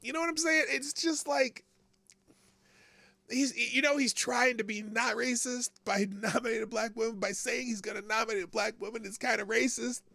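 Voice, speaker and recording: A man's voice: very high-pitched, steady tone, normal speed, vocal fry, sharp tone, no echo. A man hosting a live political talk stream, talking casually and laughing often, greeting viewers by name.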